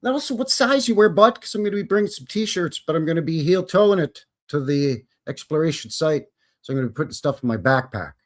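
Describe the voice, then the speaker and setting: A man's voice: on the high side, lively intonation, a little fast. Folksy Canadian man hosting a live stream. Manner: folksy, jokey, greets viewers by name. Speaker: host. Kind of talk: casual live-stream chat.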